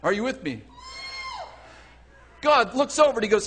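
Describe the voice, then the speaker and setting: A male preacher giving a lively sermon, acting out voices and often restarting his sentences. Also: high-pitched, normal speed. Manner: animated, acts out voices, self-correcting.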